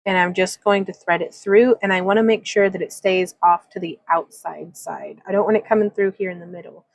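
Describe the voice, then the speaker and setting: A woman's voice: fairly low pitch, fairly even intonation, fairly quick, creaky, dry recording, rough recording. Chatty woman demoing wire craft. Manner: chatty, rambling, laughs often, reads chat comments aloud. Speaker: craft livestream host. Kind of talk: casual livestream wire-wrapping demonstration. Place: home craft room.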